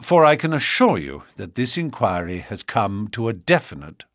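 A self-assured gentleman detective with a flair for the dramatic, as a male narrator puts him on, measured and persuasive with a lofty edge. The voice sits fairly low but moves a great deal in pitch. It comes through dry and close, with no room sound. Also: sing-song, no echo.

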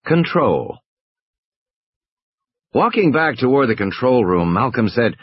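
Husky man narrating an audiobook. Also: mid-range voice, big pitch swings, slow, pauses often, no echo, dull audio.

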